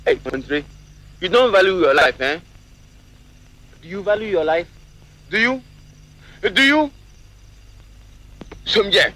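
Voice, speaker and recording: A man's voice: high voice, very animated, takes it slowly, long pauses, pushed and bright, heavily acted. An actor playing a boastful trickster who blusters, threatens and coaxes, switching between languages, on dull old film sound. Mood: wheedling. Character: boastful trickster Ananse, sly adult man. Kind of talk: 1960s film acting.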